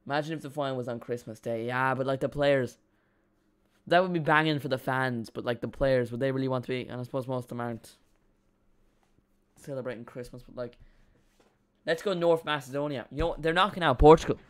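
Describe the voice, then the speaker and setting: A young man hosting a live football stream. His voice is smooth and resonant, with a middle pitch. He rambles through excitable banter with his viewers. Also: fairly quick. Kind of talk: live football watch-along chat.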